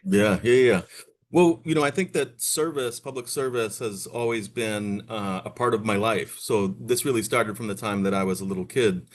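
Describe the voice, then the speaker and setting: Articulate low-voiced man from Boston. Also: normal speed. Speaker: nonprofit executive director, guest. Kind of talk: interview answers.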